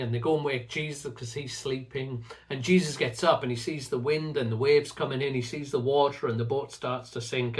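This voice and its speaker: A middle-aged man speaks earnestly to his viewers about faith and trust, in a voice of ordinary middle pitch. He talks in a reflective, teaching way and often doubles a word as he begins a thought. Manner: earnest, repeats words when starting phrases. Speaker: faith teacher and channel host. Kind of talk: reflective talk to camera.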